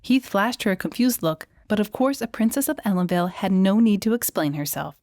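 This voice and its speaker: A woman narrating a fantasy romance audiobook in an even, measured storytelling manner. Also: mid-range voice, no room sound, clean studio sound. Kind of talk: scripted narration.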